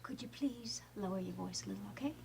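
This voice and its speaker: Wary soap heroine, clipped and hushed, clear old tape hiss. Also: female voice, mid-range voice, fast. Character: wary, guarded young woman fending off her brother. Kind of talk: TV soap opera acting.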